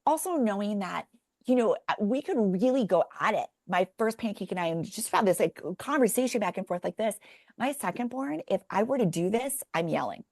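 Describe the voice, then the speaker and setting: Middle-aged woman podcast guest, mid pitch with creaky fry, dry close mic, animated storyteller. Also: a little fast, no echo. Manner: animated storyteller, talks through examples. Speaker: podcast guest, parenting author. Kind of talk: conversational interview.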